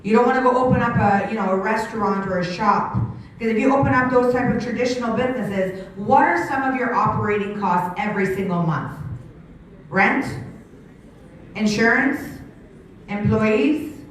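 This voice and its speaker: This is an energetic business pitch from a sixty-something Canadian sales presenter who speaks into a handheld mic and rapidly questions the audience in a large room. Shouting has left her voice strained. Captured from afar in a very echoey hall, the recording carries slight background noise.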